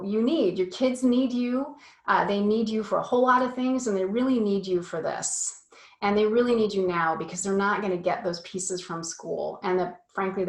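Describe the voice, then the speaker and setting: A woman leads a casual course session for parents, chatty and loose with plenty of fillers. She has a mid-range voice. The sound is roomy and echoey. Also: mid-range voice. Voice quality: chatty, full of fillers, self-deprecating. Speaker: parent sex ed coach. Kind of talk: casual online course talk.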